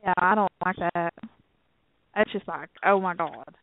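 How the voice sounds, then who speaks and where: A woman's voice: fairly low pitch, a little slow, a little hiss or hum. Blunt woman co-host on a phone-like line. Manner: blunt, outspoken, laughing along. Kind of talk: casual comedic podcast chat. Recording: tinny, phone-like, dry.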